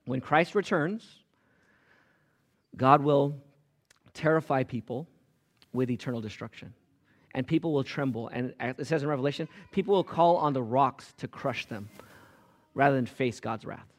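A man preaching a sermon as pastor, emphatic, swinging from loud rises to quiet drops. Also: medium pitch, moderate pace, long pauses. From Los Angeles area.

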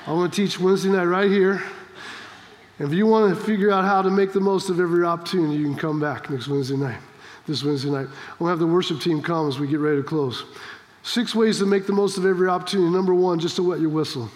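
High-voiced preacher man, fired up and exhorting, sermon in an echoey church hall. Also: fast. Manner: fervent, exhorting, with storytelling asides. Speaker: pastor.

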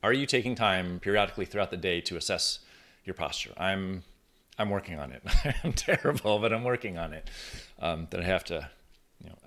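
Thinking aloud at his desk in front of a camera, a man with a deep, low-pitched voice hosts his own podcast in an easygoing, conversational manner. He's animated and fairly quick, with a somewhat bright tone, and keeps restarting and fixing his sentences partway through.

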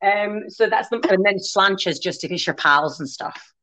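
A woman's voice: mid-range voice, moderate pace, sharp tone. A woman raised in Scotland, chatting casually on a podcast as a guest who teaches Gaelic, rambling with many restarts.

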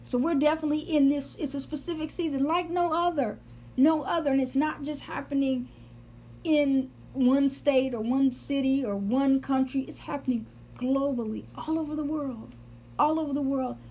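A high-pitched woman gives an earnest Bible teaching and keeps circling back to stress key words. A faint hum runs under the recording. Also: fairly even intonation, moderate pace, dark tone. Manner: earnest, repeats words for emphasis. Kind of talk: sermon-style Bible teaching.

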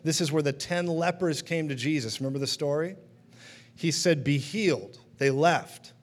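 A man's voice: fairly high pitch, fairly even intonation, normal speed. A man preaching a sermon in a conversational teaching manner, often checking in with his listeners.

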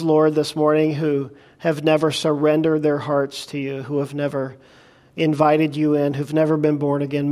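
Man preaching, earnest and soft-spoken. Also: a little high. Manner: earnest storytelling, softening into hushed prayer. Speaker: pastor. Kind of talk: sermon illustration and closing prayer.

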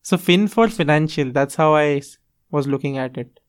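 With a fairly high voice and moderate pace, a man with an Indian English accent casually explains investing on a podcast. He's earnest, uses examples, and mixes Hindi phrases into his English.

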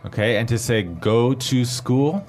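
A man's voice: mid-range voice, unhurried, darkish tone, faint music behind. A man hosting a language lesson who patiently explains grammar and spells out pinyin letter by letter.

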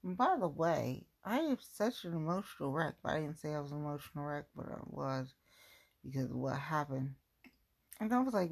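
Gravelly husky woman rambling at home. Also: sits low, normal speed. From Cincinnati area. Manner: rambling, self-mocking, animated rhetorical questions. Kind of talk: casual vlog chat. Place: at home, going through belongings.

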